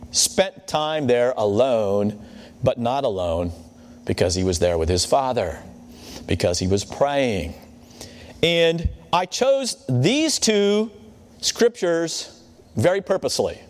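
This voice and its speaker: A man preaching a sermon in a conversational way, often checking in with his listeners. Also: on the high side. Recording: long hall reverb.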